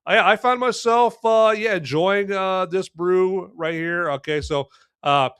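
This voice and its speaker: A man's voice: high voice, a little slow, fairly bright tone, clean tone, dry recording, clean studio sound. A man hosting a live podcast, reviewing a beer in a rambling, folksy way with many fillers and restarts. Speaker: podcast host.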